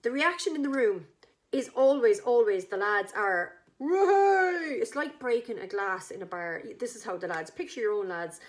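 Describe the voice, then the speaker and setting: An Irish woman chatting enthusiastically, pitching her wedding act to a couple and acting out the characters' lines. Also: expressive, moderate pace. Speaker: wedding entertainment business owner. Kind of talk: casual sales pitch to a couple.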